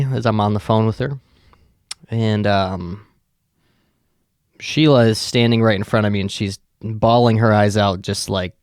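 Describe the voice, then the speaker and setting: A man's voice: lowish voice, fairly even intonation, slow pace, long pauses, a little mellow, clean tone, no echo, studio quality. A man hosting a podcast, telling a long, profane, rambling anecdote in a casual way. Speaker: podcast host. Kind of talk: casual storytelling.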